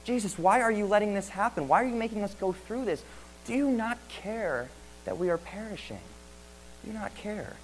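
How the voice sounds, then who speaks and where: Terrified disciples in a storm cry out in desperate, stammering pleas, as a preacher acts them out. The voice is pitched higher than his usual talk, with broken repeated questions. A faint hum sits under the recording. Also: animated, low-quality recording. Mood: desperate, pleading. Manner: pleading, rapid stammering questions. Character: frightened disciples, grown men, desperate in a storm.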